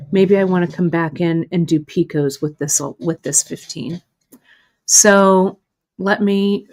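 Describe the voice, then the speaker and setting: Her voice fairly low and a little mellow, a middle-aged woman teaches beadwork in a live demo. She's talkative and self-deprecating, walking through her own errors as she goes.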